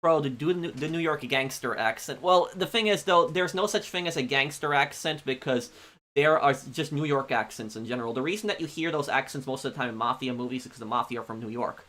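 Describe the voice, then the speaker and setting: A man's voice: medium pitch, sharp tone. Rambling male game streamer. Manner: rambling, halting, many ums and restarts. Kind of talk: casual chat answering viewers.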